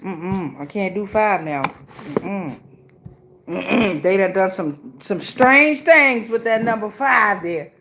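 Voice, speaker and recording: A woman's voice: medium pitch, lively intonation, takes it slowly, background noise. A woman doing a casual live tarot reading, blunt and chatty with a lot of profanity and slang. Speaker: tarot reader.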